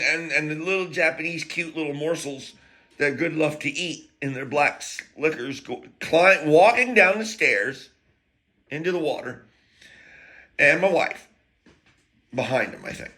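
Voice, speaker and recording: A man's voice: on the high side, bright, forceful tone. An American man telling a rambling, profane story in a casual monologue, full of jokey asides and broken-off sentences. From United States.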